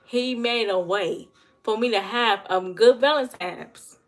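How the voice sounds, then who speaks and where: A woman's voice: mid-range voice, takes it slowly. A woman giving blunt, emphatic advice to her viewers on a casual livestream and answering the chat. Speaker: livestream host.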